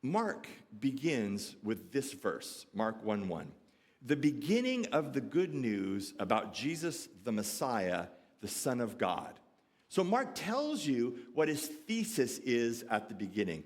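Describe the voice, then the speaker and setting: A pastor preaching a sermon, conversational and animated, often acting out the voices of the people in the story and asking the congregation questions. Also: male voice, mid-range voice, takes it slowly. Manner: animated, acts out quoted voices of disciples.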